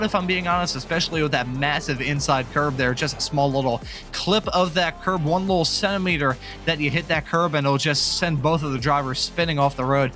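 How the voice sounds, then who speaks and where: A man's voice: a little high, fairly quick, few pauses, pushed and bright. A man commentating a sim racing broadcast, chatty and upbeat, joking between race calls. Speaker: lead commentator. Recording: faint music bed behind.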